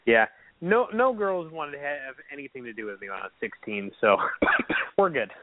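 A man in his late twenties hosting a casual wrestling chat show, telling animated stories and mimicking wrestlers. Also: mid-range voice, normal speed, dry recording. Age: late 20s. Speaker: podcast host. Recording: tinny phone-line sound.

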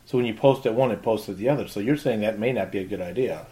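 A man's voice: on the low side, fast, warm tone. A man co-hosting a casual panel chat, asking questions and building on others' points. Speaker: podcast co-host.

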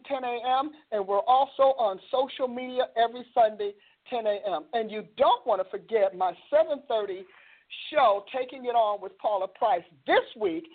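A woman hosting a religious talk show, speaking with an animated, preacher-like cadence. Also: fairly high pitch. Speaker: host. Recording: phone-like band-limited audio.

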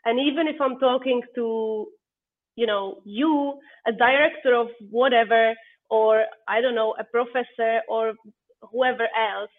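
A woman's voice: fairly high pitch, fairly even intonation, a little slow. A woman guest on a podcast, talking in an earnest, encouraging, casual way. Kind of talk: casual conversational interview. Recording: tinny phone-like call line.

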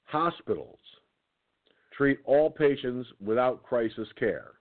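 A man's voice: mid-range voice, lively intonation. Tired man reading on a tinny line. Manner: reads haltingly, stumbles and restarts words. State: tired, keeps yawning. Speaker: internet radio host. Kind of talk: reading a document aloud with commentary.

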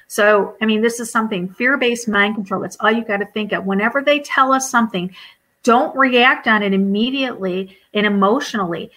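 A woman's voice: medium pitch, bright, forceful tone, rough recording. A woman hosting a talk show, speaking earnestly and addressing listeners as guys. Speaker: host. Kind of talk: podcast interview.

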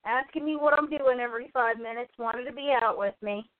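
High-voiced woman telling a story on a tinny line. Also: a little fast, no echo. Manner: animated storyteller, mimics her pet bird. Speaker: co-host. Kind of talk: casual chat. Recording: tinny phone-like sound.

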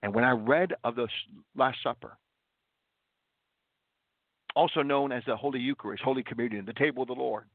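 Over dry, tinny, phone-like broadcast audio with no echo, a radio host preaches a sermon earnestly, relying on repeated rhetorical questions and stressed words. His mid-range voice moves briskly, broken by long pauses.

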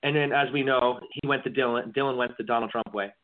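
A man's voice: mid-range voice, steady tone, fast. A man co-hosting a casual political podcast, rambling and often repeating words as he starts a sentence. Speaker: podcast co-host. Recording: tinny phone-like lo-fi audio.

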